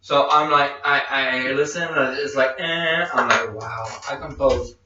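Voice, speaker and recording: A man's voice: mid-range voice, a little slow, very noisy. A man telling a long, rambling personal story in a casual chat, restarting his sentences and acting out quoted dialogue. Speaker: podcast host. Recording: echoey room, distant lo-fi mic.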